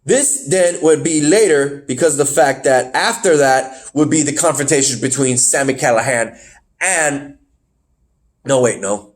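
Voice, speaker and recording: A man hosting a casual review podcast, rambling, correcting himself mid-sentence and getting excited. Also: mid-range voice, unhurried. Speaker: podcast host.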